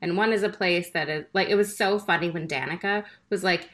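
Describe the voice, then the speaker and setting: Woman, co-host, casual chat, chatty, exasperated, slightly low voice. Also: fairly quick, fairly bright tone, slight background noise. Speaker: podcast co-host.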